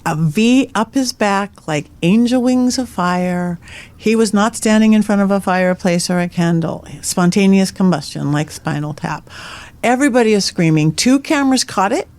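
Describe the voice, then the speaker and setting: A woman's voice: mid-range voice, moderate pace, a little mellow. A middle-aged woman, a psychic medium guest on a podcast, telling ghost stories with energy and laughing at her own lines. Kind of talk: animated storytelling in conversation.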